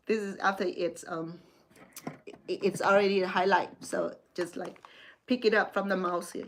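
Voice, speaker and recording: A woman at home hosts a casual livestream, talking her viewers through a computer task. Her voice sits at an ordinary middle pitch. She speaks loosely and chattily, often restarting her phrases and filling pauses. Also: slight background noise. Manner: chatty, with frequent restarts and fillers. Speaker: livestream host. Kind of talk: casual tech walkthrough.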